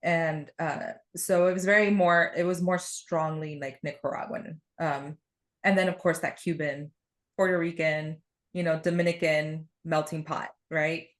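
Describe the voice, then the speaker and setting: A woman with a somewhat low voice chatting on a podcast. She rambles through her stories and keeps breaking into laughter. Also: steady tone, unhurried. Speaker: podcast guest. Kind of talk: casual conversation.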